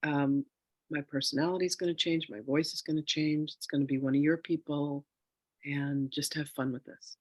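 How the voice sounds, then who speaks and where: A man leading a spiritual reading in a relaxed, chatty way with a bit of self-joking. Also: on the high side, normal speed, no room sound. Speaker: spiritual teacher doing a reading. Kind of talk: casual spiritual session.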